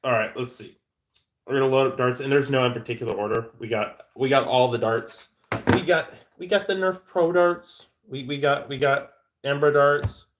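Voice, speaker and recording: A man chats loosely on a live stream, answering viewers as he goes. His voice sits at an ordinary middle pitch. He rambles and jokes, often tripping over his words and starting sentences again. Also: moderate pace. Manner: rambling and joking, with frequent stammered restarts. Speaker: livestream host. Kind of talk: casual livestream chat answering viewers.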